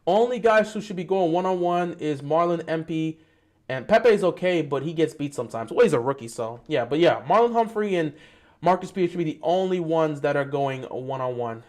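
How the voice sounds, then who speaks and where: A man's voice: fairly high pitch, lively intonation, a little fast, a little mellow. A man hosting a live-stream football talk show, greeting viewers and arguing his points animatedly.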